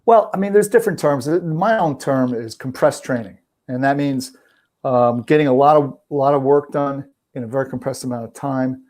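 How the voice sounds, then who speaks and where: Easygoing New Jersey guest storyteller. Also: male voice, mid-range voice, normal speed, a little mellow. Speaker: guest trainer. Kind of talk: casual chat.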